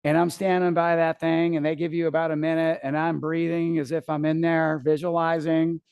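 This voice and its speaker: A middle-aged man speaks from a seminar stage in a fairly high voice. He tells a story with casual swearing and acts out his own panic. The sound is dry and close. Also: flat delivery, brisk, creaky, clean tone, no echo, lo-fi sound. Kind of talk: live seminar talk.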